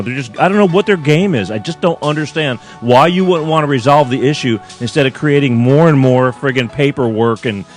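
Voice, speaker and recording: A man hosting a live call-in show, complaining in an exasperated, rambling, profane way to his viewers. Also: mid-range voice. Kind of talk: live-streamed rant to viewers. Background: faint chill music.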